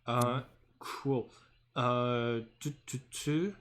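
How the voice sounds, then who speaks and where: A man running a tabletop game as game master, talking haltingly with many fillers and humming to himself. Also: mid-range voice, a bit bright. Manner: halting, full of fillers, hums while working.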